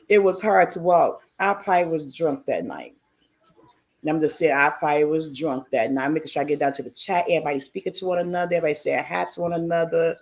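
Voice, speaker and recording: A woman's voice: low-pitched, a little mellow. Chatty, frank woman hosting a live stream. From United States. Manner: chatty, frank, laughs often, greets chatters by name. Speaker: cruise vlogger hosting a live chat. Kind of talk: casual live-stream chat.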